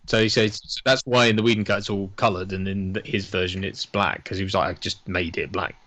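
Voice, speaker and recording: A man's voice: sits low, steady tone, fairly quick, a bit bright. A man casually chatting through a film watch-along, rambling and swearing, laughing often. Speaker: podcast co-host. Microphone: lavalier.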